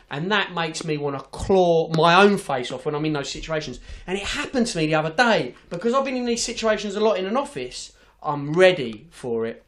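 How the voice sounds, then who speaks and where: A man's voice: a little high, animated, fairly quick, hardly any pauses, fairly bright tone. A man hosting a podcast, telling an office story in a sweary, ranting, casual way. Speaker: podcast host.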